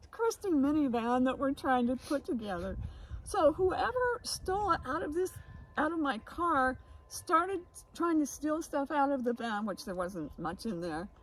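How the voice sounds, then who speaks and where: A woman's voice: mid-range voice, a little hiss or hum, rough recording. Rambling woman telling a story, laughing. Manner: rambling, laughing, many restarts. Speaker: podcast co-host. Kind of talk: casual storytelling chat. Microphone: phone recording.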